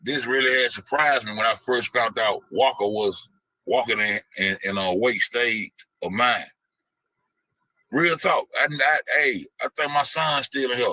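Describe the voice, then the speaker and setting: A man hosting a reaction video, talking casually over clips and firing off preachy rhetorical questions in a raspy voice. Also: medium pitch, unhurried, bright, forceful tone, dry recording, low-quality recording.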